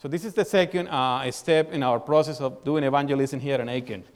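A man's voice: medium pitch, brisk. Male pastor delivering a sermon in a church hall with long reverb, asking the congregation questions. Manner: asks the congregation questions and tags lines with "right?"; tells a personal story as an illustration.

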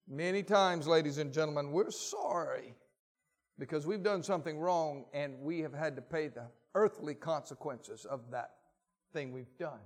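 A man delivers a sermon, moving between read scripture passages and told anecdotes. His voice sits fairly high for a man. He acts out the quotes in his stories. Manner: reads scripture aloud, then tells stories with lively voiced quotes. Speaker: pastor.

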